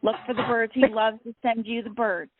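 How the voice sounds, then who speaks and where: A woman working as a psychic medium on a call-in radio show, relaying messages in a gentle, reassuring way and often repeating her phrases. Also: fairly high pitch, fairly even intonation, moderate pace, a crowd in the background. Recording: tinny phone-line sound, dry.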